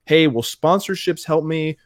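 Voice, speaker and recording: A young man talks as a podcast guest, loosely rambling and poking fun at himself. He slips into quick little voices for other people in his story. The sound is dry, with no room behind it. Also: on the high side, no room sound. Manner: rambling, self-mocking, acts out quoted voices. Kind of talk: casual storytelling chat.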